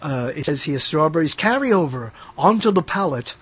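Man, podcast host, husky, very lively pitch, rambling comedic banter. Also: moderate pace. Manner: rambling, jokey, mock-announcer bits. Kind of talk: casual comedic chat.

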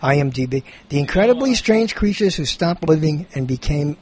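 A man hosting a casual film chat, animated and jokey. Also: fairly high pitch, moderate pace. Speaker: podcast host.

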